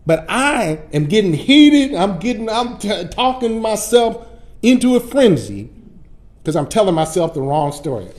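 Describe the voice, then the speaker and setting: A middle-aged man, a pastor teaching Sunday school, telling folksy stories in a lively preaching style. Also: sits high. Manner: animated, folksy preacher who acts out his stories. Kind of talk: storytelling sermon-style lesson.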